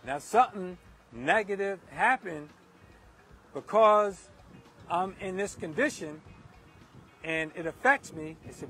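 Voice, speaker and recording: High-voiced man preaching outdoors. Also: lively intonation, slow, pauses often, a bit bright. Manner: emphatic and repetitive, driving points home. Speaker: speaker giving a moral talk. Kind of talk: off-the-cuff preaching monologue. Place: outdoors in a windy park.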